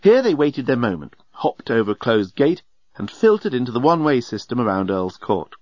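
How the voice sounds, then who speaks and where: A man narrating an audiobook in a wry, lively storytelling manner. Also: mid-range voice, fairly quick, no room sound, muffled recording.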